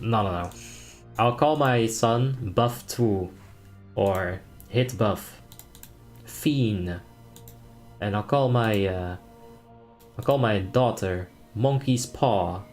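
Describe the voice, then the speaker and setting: A man's voice: on the low side, takes it slowly, pauses often, soft background music. A young man from the Netherlands chatting casually on a game stream, joking, reading chat aloud and calling raid tactics. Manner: laid-back, joking, reads chat aloud and laughs often.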